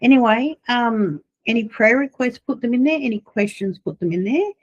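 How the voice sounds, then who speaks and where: A woman's voice: fairly high pitch, normal speed, slightly rough, lo-fi sound. A woman giving an informal video sermon to her church, telling personal stories in a chatty way. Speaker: church minister.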